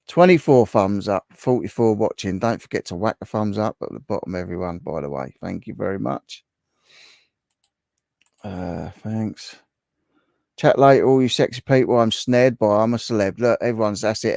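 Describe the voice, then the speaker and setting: A man's voice: on the low side, gravelly, darkish tone, no room sound, studio quality. A man, likely in his thirties or forties, hosting a casual livestream from home, chatting and laughing with viewers. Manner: chatty, laughs often, reads viewer comments aloud. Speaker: livestream host. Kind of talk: casual livestream chat reading comments.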